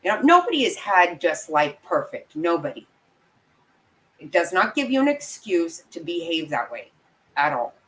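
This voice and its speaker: On a rough recording, a woman true crime commentator with a lowish, slightly bright voice and big pitch swings rants at a moderate pace. Angry and profane on her livestream, she addresses viewers directly, stressing points hard and apologizing for her outbursts.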